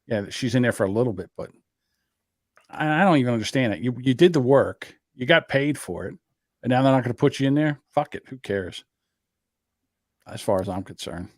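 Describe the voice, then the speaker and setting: A man's voice: medium pitch, expressive, fairly quick, long pauses, no echo, studio quality. A man hosting a podcast, chatting casually and joking, with loose restarts. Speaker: podcast host. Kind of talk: casual chat.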